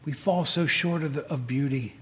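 With a slightly high voice at a moderate pace, a male preacher gives a conversational sermon as rain hits the tin roof overhead. He poses questions to the audience and restarts his sentences often.

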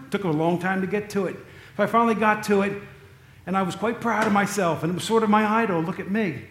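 A man delivering a relaxed, chatty sermon in a somewhat higher voice, tossing jokey asides to the congregation. His voice rings out in an echoey room, as from a church hall. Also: slight background noise. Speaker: pastor. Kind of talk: casual sermon.

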